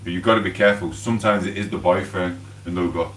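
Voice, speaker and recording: An English man from England rambles casually on a live stream while cooking in his home kitchen, his voice low, fairly bright, and fairly even as he talks fast. The echoey room, distant mic, and faint hum colour the recording.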